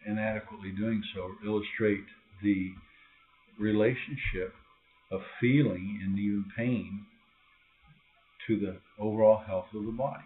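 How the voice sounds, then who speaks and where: A man preaching an informal sermon to a small group, acting out quoted voices with sudden high, loud cries. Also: fairly even intonation, a little slow. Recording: tinny, phone-like lo-fi recording.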